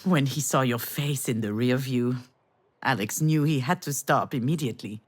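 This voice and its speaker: An actress playing a gentle middle-aged mother in a visual novel, telling a memory in a soft, reminiscing way. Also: extremely low pitch, moderate pace. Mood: tender. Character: tender mother recalling the past, gentle. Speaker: game character. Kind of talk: visual novel storytelling monologue.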